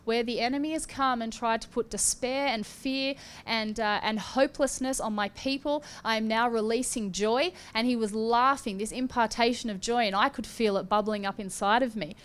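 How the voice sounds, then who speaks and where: Woman, charismatic preacher, prophetic, fervent, gasping exclamations, smooth resonant voice. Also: on the high side, fairly even intonation, moderate pace, hardly any pauses, fairly bright tone. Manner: fervent, with rising exclamations and breathy gasps. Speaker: prophetic minister.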